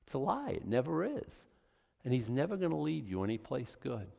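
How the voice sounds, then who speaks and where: Man, pastor, emphatic sermon, conversational asides, mid-pitched voice. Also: very animated, brisk, creaky, dark tone, long reverb tail. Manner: fired-up, emphatic preaching. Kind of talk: expository Bible teaching.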